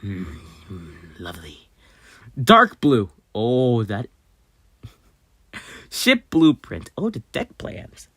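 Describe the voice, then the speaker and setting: Brief: desk-mic host, slow mumbling commentary that jumps into excited shouts, very dry sound. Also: breathy edge, dry recording. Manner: excitable, swings from low muttering to sudden loud outbursts; mumbles half-words and fillers while searching. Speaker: channel host. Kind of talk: casual screen-recorded commentary.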